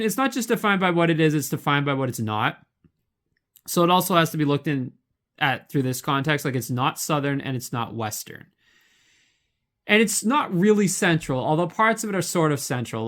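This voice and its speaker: A man's voice: fairly high pitch, a bit bright. Rambling young man, casual monologue. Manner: rambling, filler-heavy, lots of "like" and restarts. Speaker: video essayist.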